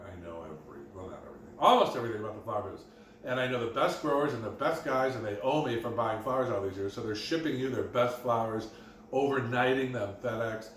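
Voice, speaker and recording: A man's voice: medium pitch, a bit bright. A middle-aged man, a florist and design teacher, chatting in a casual self-promoting vlog from his apartment kitchen, telling anecdotes with chuckles. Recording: roomy, distant, faint background hum.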